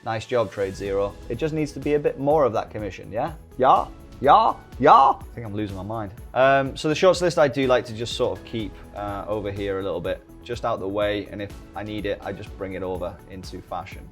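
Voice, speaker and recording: A middle-aged British man giving a relaxed software walkthrough tutorial, full of joking, rambling asides. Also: lowish voice, fairly quick, hardly any pauses, faint music behind. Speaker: day-trading YouTuber. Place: home desk early morning.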